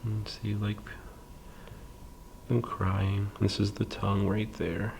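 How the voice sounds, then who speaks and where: Slow, gravelly-voiced man teaching drawing. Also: on the low side, a little hiss or hum. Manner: calm, patient, hesitant with fillers, drops to soft half-whispers while drawing. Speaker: library drawing instructor. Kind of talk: slow step-by-step drawing lesson.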